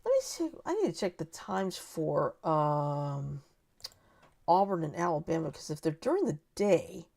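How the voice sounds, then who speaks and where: Woman, casual co-host chat, animated, laughs often, swooping lively pitch. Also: measured pace, vocal fry. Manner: animated, laughs often, quotes cartoon lines. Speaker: podcast co-host.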